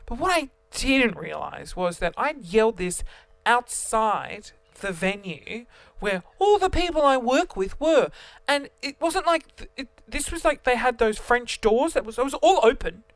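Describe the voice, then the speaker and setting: A young man, a vlogger, tells a story to camera in an animated, self-mocking way, his voice swinging between loud and quiet. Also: very high voice, measured pace, vocal fry, no echo.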